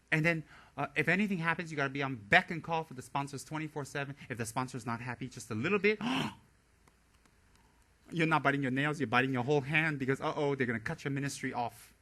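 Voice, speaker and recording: Bright, theatrical male Buddhist teacher. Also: medium pitch, fast. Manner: theatrical, exasperated, sharp-tongued. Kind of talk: animated Dharma talk.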